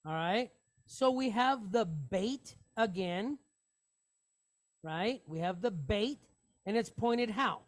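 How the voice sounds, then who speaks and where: Slow, patient woman teaching Hebrew reading. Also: medium pitch, expressive. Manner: patient, slow, repeats each syllable aloud. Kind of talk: reading lesson, sounding out words.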